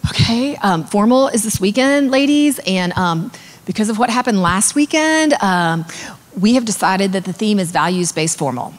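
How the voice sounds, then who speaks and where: A woman's voice: medium pitch, animated, moderate pace, long reverb tail, lightly acted. A woman playing a nervous young sorority risk manager who talks in a chipper, hesitant way full of ums.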